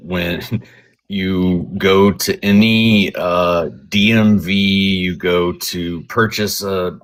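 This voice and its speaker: A man, a regular panelist on a live political talk show, speaking haltingly with many ums and restarts. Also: deep voice, fairly bright tone. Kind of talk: casual political chat.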